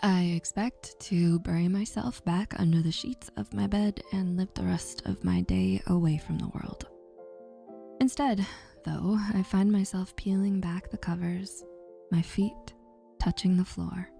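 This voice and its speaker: A woman narrating a first-person story in a soft, slow, often breathy near-whisper. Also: lowish voice, fairly even intonation, soft background music.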